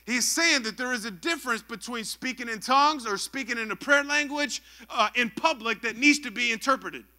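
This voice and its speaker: A young man preaches to his congregation, stopping often to call for their answers. His voice sits high for a man and rings very bright and sharp. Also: fairly quick. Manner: lively call-and-response preaching. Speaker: pastor. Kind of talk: sermon.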